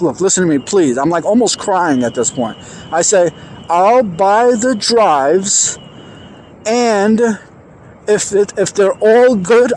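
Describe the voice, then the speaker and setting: A man telling a personal story in an animated, emphatic way, acting out the dialogue. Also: sits high, a little hiss or hum. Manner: excited, emphatic, acts out quoted dialogue.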